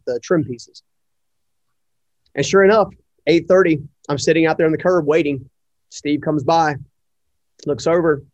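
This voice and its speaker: A middle-aged man, an entrepreneur, telling a personal story in an interview, animated and full of fillers as he acts out the dialogue. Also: fairly high pitch, dry recording. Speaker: entrepreneur guest. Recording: dry, slightly muffled audio.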